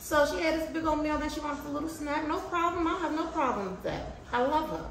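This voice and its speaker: A woman's voice: high voice, a little fast, roomy sound, slight background noise, low-quality recording. A woman vlogger telling a story in casual, slangy chat, acting out what people said and swearing freely. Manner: animated, acts out quotes, slangy and swears casually.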